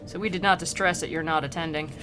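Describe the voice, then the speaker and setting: A woman's voice: lowish voice, steady tone, quick pace, over music. A young woman streaming, chatting casually and comically about an old poem, giggling and slipping into silly character voices. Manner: bubbly, giggly, full of likes, acts out characters in silly voices. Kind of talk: casual comedic chat about a classic poem. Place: home streaming setup.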